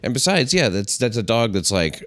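A man's voice: medium pitch, sing-song, normal speed, a bit bright, no room sound. A man with a New York accent hosting a casual chat, dropping wry quips. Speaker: podcast host.

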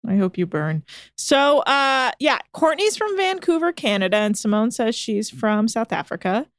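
A woman's voice: a little high, big pitch swings, no echo, clean studio sound. A woman co-hosting a podcast, recapping episodes in casual chat with a teasing, laughing manner. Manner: teasing, quick to laugh, chatty summarizing. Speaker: podcast co-host recapping a show.

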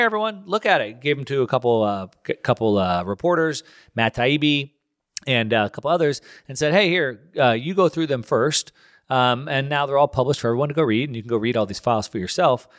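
Male host, middle-aged, casual solo talk, rambling and animated. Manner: rambling, off-the-cuff, animated pitch jumps. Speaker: show host.

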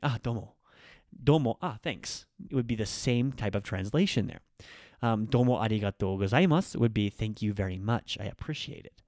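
A man hosting a casual online language lesson, explaining in a relaxed way with frequent ums and likes. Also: mid-range voice, dry recording, studio quality. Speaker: language teacher.

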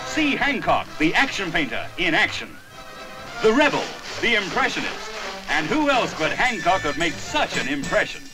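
A man's voice: sits high, sing-song, normal speed, music in the background. A man narrating a 1960s film trailer in a grand, declaiming manner, from an old film soundtrack.

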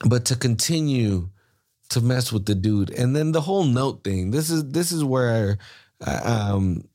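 A man hosting a soccer podcast, ranting in a casual, profane, rambling way, often jumping in pitch. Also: a little slow. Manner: rambling, profane, animated rants with pitch jumps.

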